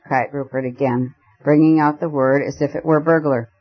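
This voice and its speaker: A man narrating a story aloud as an audiobook reader, in a measured, expressive way. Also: mid-range voice, highs cut off. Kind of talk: scripted narration.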